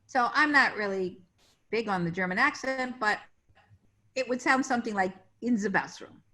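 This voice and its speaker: A woman's voice: fairly high pitch, moderate pace, bright, forceful tone. A middle-aged woman, a casting director, telling industry anecdotes in a casual interview over a video call. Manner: chatty anecdotes, acting out quoted voices.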